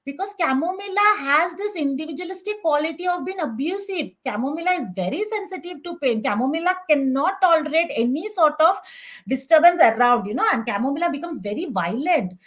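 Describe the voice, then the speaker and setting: A woman's voice: high-pitched, expressive, brisk. A woman with an Indian English accent giving a conference lecture, acting out her patients' voices in quotes.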